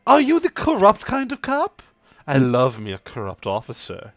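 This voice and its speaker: A man's voice: sing-song, a little slow, soft background music. Man putting on a flirty aristocratic mother. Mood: flirtatious. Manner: theatrical, teasing, swoops up high.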